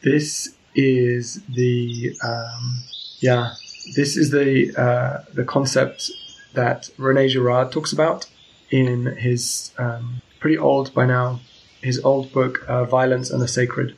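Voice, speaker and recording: Gravelly man talking books, hesitant. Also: medium pitch, little pitch movement, takes it slowly, slight background noise, rough recording. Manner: hesitant, many ums and restarts. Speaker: book discussion presenter. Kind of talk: casual literary talk.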